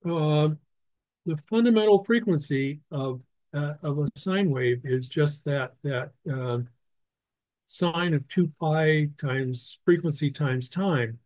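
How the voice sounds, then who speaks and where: A man teaching a ham radio licensing class over slides, explaining slowly with many restarts and fillers. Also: on the high side, a little mellow, no room sound, low-quality recording. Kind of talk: technical lecture over slides.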